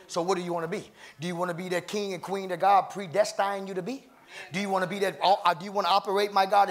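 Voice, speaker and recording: A man preaching a sermon as pastor, rising into shouted, half-sung cadences and calling out to people in the congregation. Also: sits high, gravelly. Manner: calls out to congregation members by name.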